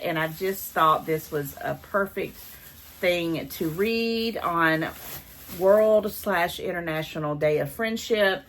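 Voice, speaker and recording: An older woman chats through a haul of gifts, gushing and grateful at every item. Her voice sits a bit low, and a faint hiss runs under the recording. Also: fairly bright tone. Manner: chatty, gushing, thankful. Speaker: haul vlogger. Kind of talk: casual unboxing chat.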